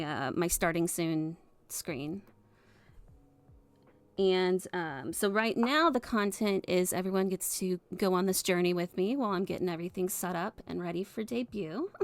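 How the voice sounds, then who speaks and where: A woman in her thirties from the US Midwest, chatting casually on a live stream in a soft, hesitant way with many fillers and giggles. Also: on the low side, no room sound.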